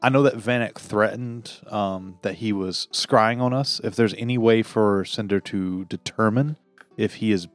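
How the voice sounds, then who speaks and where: A man's voice: lowish voice, unhurried, no echo, faint music behind. A man playing a tabletop role-playing game, speaking with hesitant fillers and laughing between lines. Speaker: player. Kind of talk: tabletop game play, casual banter.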